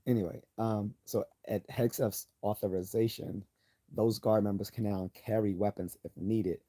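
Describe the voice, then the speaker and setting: Guy on a live stream reading news and ranting, low warm voice, keeps cutting himself off. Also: steady tone, moderate pace. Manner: chatty, self-interrupting, opinionated asides. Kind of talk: casual live stream commentary, reading an article aloud.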